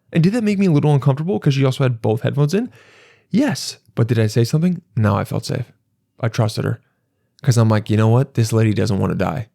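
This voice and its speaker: A man's voice: medium pitch, gravelly, no echo, studio quality. Rambling, exasperated male podcast host. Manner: rambling, exasperated, jumps into animated quoted voices. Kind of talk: comedic storytelling monologue.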